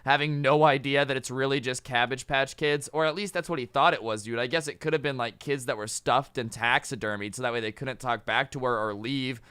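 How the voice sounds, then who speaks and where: A man's voice: mid-range voice, brisk, few pauses, sharp tone, clean tone, dry recording. A young man telling a story casually and chattily, saying "dude" a lot and acting out the quotes. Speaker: storytime youtuber.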